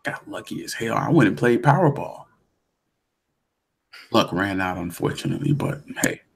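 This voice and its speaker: A young man co-hosting a casual talk show, telling a story with lively acted-out quotes. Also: on the low side, normal speed, creaky, breathy edge. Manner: animated storyteller who acts out quoted voices. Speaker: podcast co-host.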